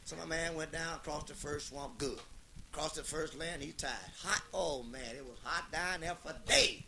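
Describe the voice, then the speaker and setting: A man's voice: a little high, normal speed, vocal fry, background noise. A man telling a long comedic story in a rhythmic, repetitive, heavily profane way.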